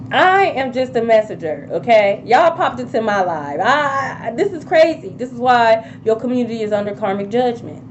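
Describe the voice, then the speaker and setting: Tarot reader, woman, high voice, blunt and swearing, dull lo-fi audio. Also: slight background noise. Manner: blunt, profane, with sudden loud outbursts. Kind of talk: casual tarot reading to viewers.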